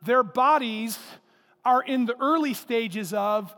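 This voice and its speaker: Preaching at a church service in a big hall, this man speaks at a normal speed in a high-sitting voice with a bright, forceful tone. His sermon is conversational and emphatic, packed with repetition and rhetorical questions, all wrapped in long hall reverb.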